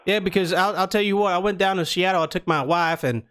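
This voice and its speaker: A man's voice: high-pitched, fast talker, a bit bright, clean tone, pitched above the performer's own voice. A man putting on a Southern American accent to play a folksy prank caller who rambles and calls people sir and son. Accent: American Southern (put on). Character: folksy Southern man calling about car repair.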